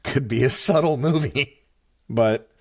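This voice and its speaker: A man's voice: mid-range voice, slow pace. Laid-back rambling man, mid voice. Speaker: podcast co-host. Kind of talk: casual movie chat.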